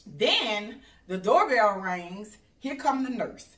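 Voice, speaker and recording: An older woman, talking casually in her home kitchen in a home decor vlog and telling stories in an animated way. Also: mid-range voice, takes it slowly, far from the mic. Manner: animated storytelling, acts out the voices of her family and laughs. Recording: echoey room, voice off-mic.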